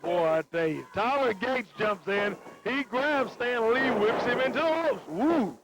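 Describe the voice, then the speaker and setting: A man calls a wrestling match with excited exclamations. His voice is very high. The audio is hissy and lo-fi, like an old TV broadcast. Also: measured pace. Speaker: play-by-play announcer. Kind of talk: wrestling play-by-play. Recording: noisy lo-fi TV broadcast.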